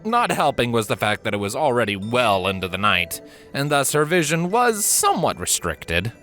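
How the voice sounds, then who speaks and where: Man, story narrator, animated pitch, bright tone, lively expressive reading. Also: normal speed, faint music behind. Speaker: reader.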